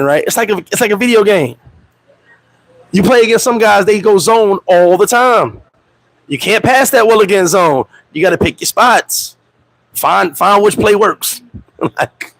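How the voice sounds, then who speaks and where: A man hosting a casual livestream chat, animated and laughing, telling stories with profane street slang and acting out quotes in high voices. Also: normal speed, no echo, rough recording. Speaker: host. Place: Dominican Republic.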